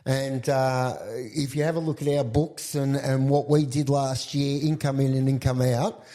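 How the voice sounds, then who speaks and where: A man's voice: medium pitch, level tone, unhurried, warm tone. A man speaking for a local football club, blunt and forthright in casual chat. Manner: blunt, forthright, swears freely.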